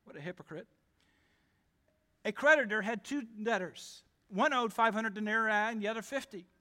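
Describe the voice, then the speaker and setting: High, bright-voiced preacher in a reverberant hall. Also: male voice, steady tone. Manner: emphatic, rapid-fire declarations. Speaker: pastor. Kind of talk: sermon. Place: church sanctuary.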